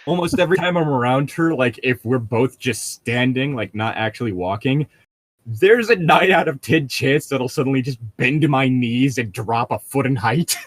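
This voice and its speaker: A man's voice: medium pitch, lively intonation, normal speed, dry recording. A man chatting loosely and laughing often as he co-hosts a casual podcast, reading a book aloud with friends.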